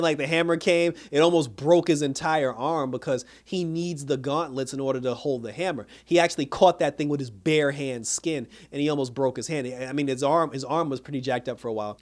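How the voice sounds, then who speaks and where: A man casually recapping a TV episode, retelling scenes with acted-out quotes and breaking into laughs. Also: a little high. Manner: animated retelling, acts out quotes, laughs at the plot. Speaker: TV show reviewer.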